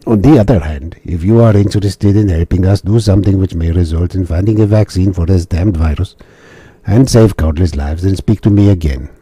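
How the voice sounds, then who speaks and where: A man voicing a gruff, commanding mercenary colonel in a video game who briskly briefs a survivor and calls him son. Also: low-pitched, warm tone, no room sound. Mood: persuasive.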